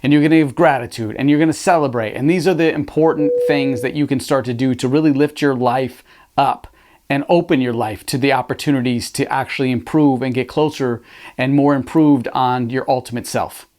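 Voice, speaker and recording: A man giving an energetic motivational talk at a live virtual event, coaching listeners directly and repeating phrases for emphasis. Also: mid-range voice, fairly quick. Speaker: motivational speaker.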